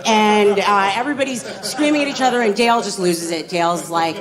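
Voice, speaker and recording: A woman's voice: medium pitch, a little fast, hardly any pauses, a crowd in the background, poor audio. A woman doing a stand-up comedy set, brash and profane in a chatty way. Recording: live audience laughter.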